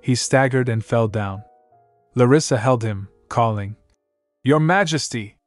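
Steady male story narrator, mid-pitched. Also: a little slow, dry recording. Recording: dry voice-over with background music.

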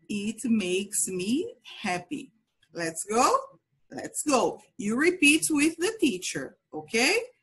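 A woman with a Brazilian Portuguese accent teaches English to small children in a slow, drawn-out sing-song. Her voice is fairly high and slightly husky, swooping up and down as she repeats each phrase. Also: fairly bright tone. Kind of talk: children's language lesson.

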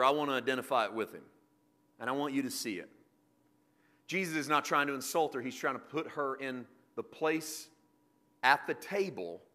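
Guy preaching a sermon, bright edgy voice, goes big then drops to quiet jokes. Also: medium pitch. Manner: swings from loud emphatic preaching to quiet asides; jokey, self-deprecating with the congregation.

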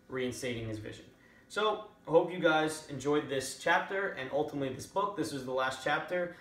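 A man's voice: medium pitch, fairly quick, fairly bright tone. A man summarizing a book chapter in a casual talk, with many fillers and restarts. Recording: echoey room, a little far from the mic.

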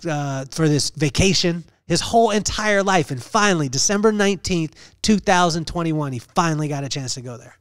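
A man's voice: on the high side, dry recording, clean studio sound. A man hosting a podcast, telling a personal story in an earnest, preacher-like way and repeating phrases for emphasis. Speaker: podcast host.

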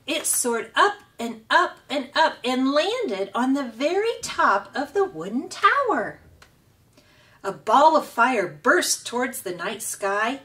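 A woman reads a children's chapter book aloud as a storytime host, unhurried and expressive. Her voice rises and falls a lot and sits a little high. She sounds set back from the microphone. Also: distant mic.

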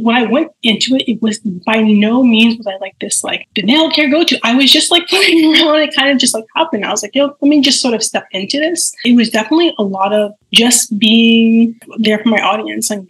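Fast-talking chatty young woman. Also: on the high side, fairly bright tone, rough recording. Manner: fast, chatty, many fillers, acts out quotes. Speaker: guest, nail care content creator. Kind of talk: casual podcast chat.

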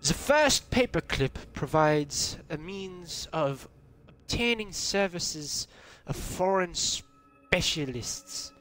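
Sex: male. Figure: a stiff official voiced by a man in a hammy mock German-American accent. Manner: halting, tripping over words. Pitch: slightly high. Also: animated, a bit bright. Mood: mock formal.

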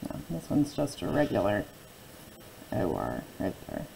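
Slow, low-voiced woman teaching phonics. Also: wildly swooping pitch, gravelly, dark tone, a little hiss or hum, low-quality recording. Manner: patient, drawn-out word modeling. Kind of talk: phonics lesson for young children.

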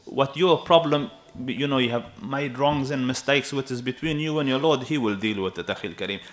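A man in his thirties preaching a sermon in an animated, emphatic way, often checking with his listeners. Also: mid-range voice, moderate pace. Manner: animated and emphatic, with asides to the audience.

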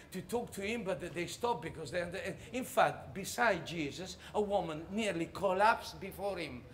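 Guy doing a funny monologue, high voice, keeps laughing mid-story. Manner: animated, halting, laughing through the story. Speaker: stage performer.

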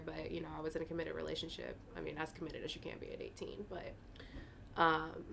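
A woman's voice: lowish voice, creaky, fairly bright tone, slight background noise. A young woman speaking candidly as an interview guest, rambling with fillers and getting emotional, at times tearing up. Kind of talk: casual interview talk.

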